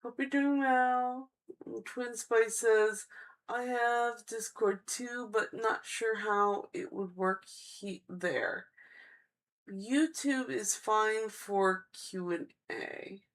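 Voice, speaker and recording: A woman tarot reader on a live stream, slowly reading out viewers' chat messages and answering each one in a friendly way. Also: a little high.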